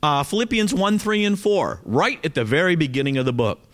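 Animated Southern man preaching. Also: fairly high pitch, brisk. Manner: animated, talks straight to the congregation with frequent "okay?". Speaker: pastor. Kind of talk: sermon.

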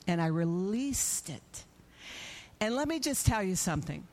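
A middle-aged woman giving an animated testimony in a church service, acting out her own prayers and conversations. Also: medium pitch, moderate pace.

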